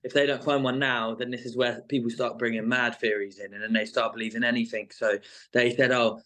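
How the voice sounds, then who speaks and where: A man talks loosely and casually as a guest, stringing his thoughts along with plenty of fillers. His voice sits at an ordinary middle pitch and he never sounds scripted. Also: flat delivery, brisk, pushed and bright. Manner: rambling, full of "like" and "sort of". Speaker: reality show contestant guest. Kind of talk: casual interview chat.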